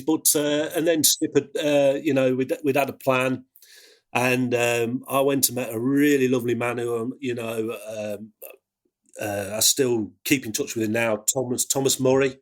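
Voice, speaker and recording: A man with an English accent, an ambulance worker telling a personal story in a halting way, with many restarts. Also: medium pitch. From England. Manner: halting, full of fillers and restarts.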